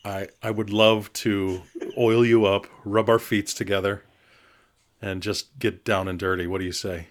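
A man voicing a flirty male footballer who is coming on to a friend, in a slow, teasing delivery. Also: on the low side, flat delivery, close to an everyday voice. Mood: seductive.

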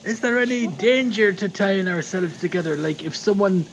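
A man's voice: sits high, lively intonation, moderate pace, a little hiss or hum. A man playing a tabletop game, asking questions with dry humour. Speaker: player. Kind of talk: casual tabletop play.

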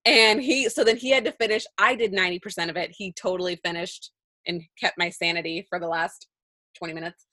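Woman cohosting a podcast, bright voice, dry close sound, rambly and giggly. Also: fairly low pitch, fairly even intonation, fairly quick, no room sound. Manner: chatty, laughs often, rambling storyteller. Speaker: podcast co-host. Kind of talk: casual chat.

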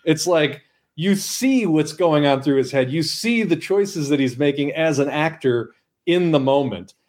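Animated man talking comics. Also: a little high, a little slow. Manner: animated, breaks into excited exclamations. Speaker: podcast co-host. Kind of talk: casual chat about comic art.

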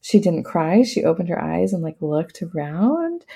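A woman recounts a personal story as an interview guest, in a relaxed, chatty way full of fillers and laughs. Her voice is warm and mellow, with a gravelly fry at the ends of phrases. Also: lowish voice, measured pace. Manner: laughs often while talking; casual, many fillers. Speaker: podcast guest.

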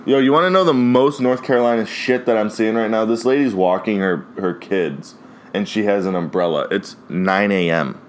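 At normal speed and in a lowish voice, this podcast host, a mid-twenties man from Ohio, USA, rambles through his casual solo episode, full of "like" and "dude," swearing and often laughing. The recording has a little hiss or hum.

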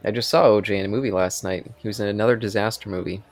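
A man's voice: lowish voice, steady tone, rapid-fire. A man co-hosting a casual film podcast, rambling through chatty asides and laughing. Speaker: podcast co-host.

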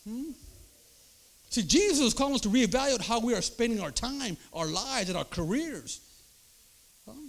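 An older man preaching a sermon, emphatic, checking in with the crowd through quick rhetorical asides. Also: extremely high pitch, expressive, vocal fry. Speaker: pastor.

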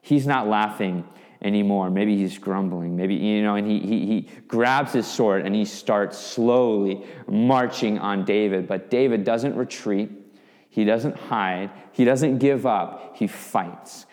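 A man preaching a sermon, telling a story with lively, vivid asides. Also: fairly low pitch, measured pace. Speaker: pastor. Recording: long reverb of a hall.

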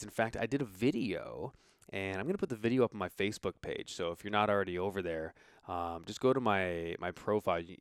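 A man's voice: deep voice, smooth, no echo. A man hosting a podcast, talking casually and upbeat, rambling with fillers into a close mic. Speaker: podcast host.

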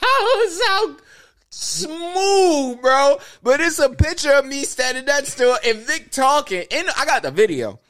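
A man from the Baltimore area chats among friends in a high, lively voice, laughing at himself as he goes. His pitch leaps around freely, and his speech is loose and slangy. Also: unhurried. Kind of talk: casual chat.

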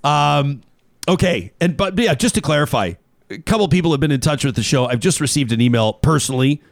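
A man's voice: on the high side, brisk, vocal fry, no room sound. A man hosting a talk show, chatting casually and joking, with frequent laughs and read-out sponsor spots. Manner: animated, jokey, laughs often. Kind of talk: casual talk radio chat.

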